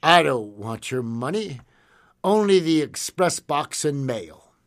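A man's voice: fairly high pitch, sing-song, takes it slowly, heavily acted. A man voicing a polite but firm masked stagecoach bandit in a told story. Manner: firm, distinctive, polite demands.

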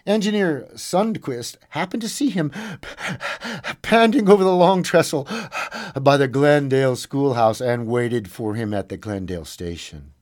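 A man's voice: mid-range voice, unhurried, a little mellow. A man hosting a show, reading a story aloud and breaking off into folksy, playful asides. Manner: folksy, playful ad-libs between read passages. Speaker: radio host reading a book aloud.

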